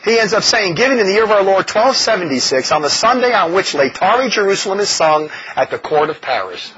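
Impassioned religious brother, male, raspy and animated, mocking tone, muffled lo-fi sound. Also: high-pitched, brisk. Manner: animated, mocking, with frequent laughs. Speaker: religious brother leading a community. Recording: dull lo-fi recording.

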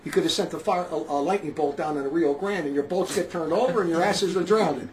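A man from northern New Jersey, a street preacher, talking in a rambling, emphatic monologue that keeps repeating itself and swells into loud outbursts. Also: fairly high pitch, quick pace, crowd noise, rough recording. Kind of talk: casual spoken monologue.

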